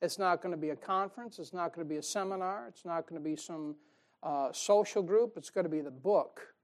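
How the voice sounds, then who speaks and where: A man on the high side gives a fairly quick sermon in a folksy, forceful manner. He chuckles at his jokes and swings between booming emphasis and gentle asides.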